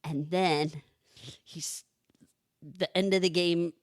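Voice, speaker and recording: Woman podcast co-host, chatty storyteller, slow easy pace, lowish voice. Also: fairly even intonation, no room sound, clean studio sound. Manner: chatty storyteller, many fillers. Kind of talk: casual chat.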